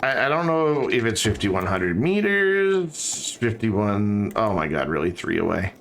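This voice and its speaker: A man's voice: fairly low pitch, sing-song, measured pace, fairly bright tone, a little hiss or hum. A man streaming a city-building game, chatting casually and thinking aloud as he builds. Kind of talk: casual let's-play commentary.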